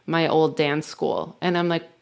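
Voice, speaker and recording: Chatty woman, lowish voice. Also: fairly even intonation, unhurried, creaky, clean tone. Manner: chatty, heavy use of "like". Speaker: podcast co-host. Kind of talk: casual chat.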